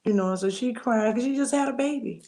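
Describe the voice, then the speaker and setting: Middle-aged woman, heartfelt testimony, fairly high voice. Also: brisk. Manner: expressive storytelling, acts out quoted voices, churchy endearments. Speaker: guest. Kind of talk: emotional testimony in an interview.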